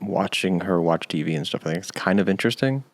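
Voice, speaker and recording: A man co-hosting a podcast, asking measured, thoughtful questions in a casual book chat. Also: low-pitched. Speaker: podcast co-host.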